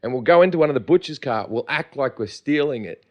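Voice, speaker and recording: Fast-talking Australian man telling stories. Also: mid-range voice, expressive. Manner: fast, profane, laughing storyteller. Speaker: podcast co-host. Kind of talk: casual storytelling chat.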